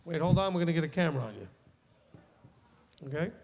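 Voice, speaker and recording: Man, rabbi, high voice, animated teaching talk, joking, long echo in a tent. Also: moderate pace, vocal fry, background noise. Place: large tent with a live group.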